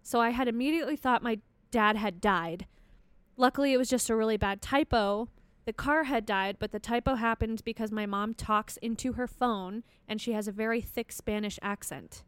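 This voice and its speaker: A young woman co-hosting a casual chat podcast, animated and quoting text messages as she tells stories. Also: on the high side, moderate pace, clear, resonant tone, dry recording. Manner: animated storyteller, quotes texts, laughs often.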